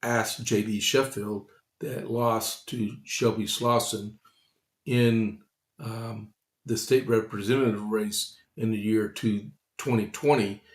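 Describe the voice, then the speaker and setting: Slow, low-voiced man in an echoey room. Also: fairly even intonation. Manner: loose and unscripted, many fillers, talks to viewers in chat. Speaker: host. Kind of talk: casual political news commentary livestream.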